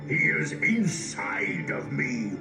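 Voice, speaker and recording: A man doing a slow, menacing costumed monster. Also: medium pitch, big pitch swings, vocal fry, exaggerated voice. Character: creepy male monster in a costume, sneering. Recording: roomy, distant sound with music.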